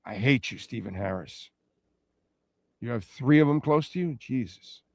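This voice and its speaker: A middle-aged man hosts a sports talk show in a loose, rambling way, reacting to listener comments as he goes. His voice sits at an ordinary pitch for a man. The recording is close and dry, with no room sound. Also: lively intonation, normal speed, no echo. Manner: rambling, conversational, reacting to chat. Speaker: sports radio host.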